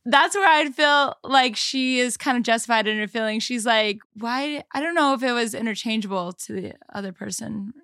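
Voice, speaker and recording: A woman's voice: on the high side, normal speed, a bit bright, smooth, no echo, clean studio sound. Giggly woman in casual chat. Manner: giggly, lots of "like" and laughs. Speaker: podcast co-host.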